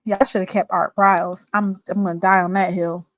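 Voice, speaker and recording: A woman's voice: medium pitch, little pitch movement, normal speed, fairly bright tone, dry recording. A woman hosting a live sports talk stream, chatting straight to her viewers in a sassy, gossipy way. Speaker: livestream sports show host.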